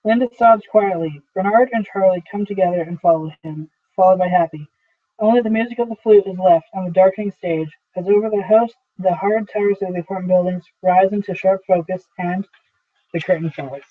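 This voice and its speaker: Guy reading play stage directions, high voice, tinny phone-like sound. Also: brisk, far from the mic. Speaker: reader of a full play.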